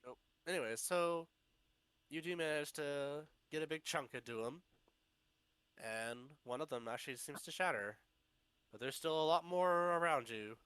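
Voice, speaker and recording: Bright-voiced man running a tabletop game. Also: fairly high pitch, moderate pace, clear, resonant tone, dry recording. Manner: casual, laughs often, restarts phrases. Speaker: game master. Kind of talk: narrating a tabletop game over voice chat.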